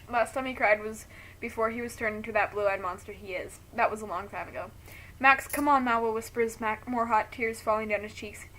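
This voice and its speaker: A woman's voice: on the high side, fairly even intonation, moderate pace, fairly bright tone. A woman reading a friend's story aloud, breaking off to react emotionally.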